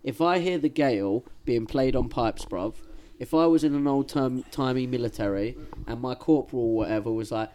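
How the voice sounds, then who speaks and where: A man's voice: medium pitch, normal speed, hardly any pauses, mellow, a little hiss or hum. A young man, a podcast host, chatting casually and swearing freely while watching a film with a friend. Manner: sweary, banter-heavy slang.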